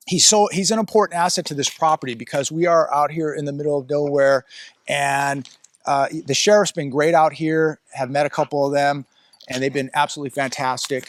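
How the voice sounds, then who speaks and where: A man's voice: fairly high pitch, steady tone, normal speed, no room sound. Blunt rambling man talking outdoors. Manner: rambling, blunt, talks to his dog mid-thought. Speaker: vlogger. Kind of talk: casual outdoor commentary. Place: outdoors on a rural ranch. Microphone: phone or camera he adjusts himself.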